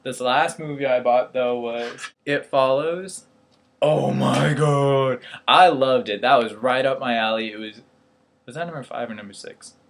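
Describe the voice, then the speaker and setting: A young man talking casually to his camera, wandering from point to point. He pokes fun at himself and laughs at his own slips, in an ordinary mid-pitched voice. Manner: rambling, self-deprecating, laughs at himself. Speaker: vlogger, airman. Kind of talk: casual vlog chat.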